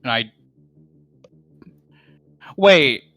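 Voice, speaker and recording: Animated, rambling tabletop player. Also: medium pitch, drawn-out words, faint music behind. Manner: hesitant, thinking aloud, swearing, bursts of excitement. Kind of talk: casual tabletop play.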